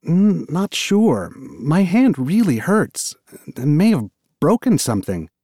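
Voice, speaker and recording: A man voicing an injured young woman prisoner who talks in slow, halting words. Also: a little high, huge pitch swings, mellow, husky, no echo, clean studio sound, voice pushed up, exaggerated voice. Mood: shaken.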